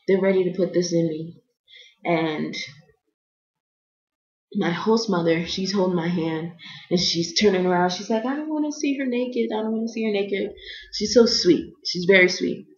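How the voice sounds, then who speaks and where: A young woman from the United States tells a funny personal story with lively energy, jumping into little voices for the people in it. Her voice sits a bit low, and the sound is dull and lo-fi in a roomy, echoey space. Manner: animated, acts out other people's lines in voices. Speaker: vlogger.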